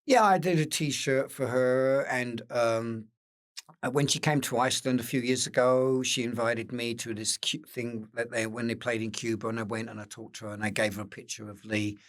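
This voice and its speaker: An older man with an Essex accent, telling lively anecdotes as an interview guest and acting out the quotes. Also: medium pitch, moderate pace. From England. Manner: animated anecdotes with acted-out quotes, occasional swearing. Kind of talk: casual storytelling interview.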